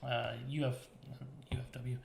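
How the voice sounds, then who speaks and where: A man's voice: medium pitch, flat delivery, moderate pace, vocal fry, roomy sound. A man hosting a podcast in casual chat, joking and laughing between his words. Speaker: podcast host.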